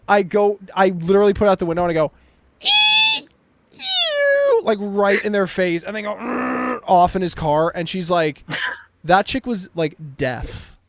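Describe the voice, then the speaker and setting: High-voiced swearing young man telling stories. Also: moderate pace, slight background noise. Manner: loud, swearing, animated anecdotes. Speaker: podcast co-host. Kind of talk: casual comedic storytelling.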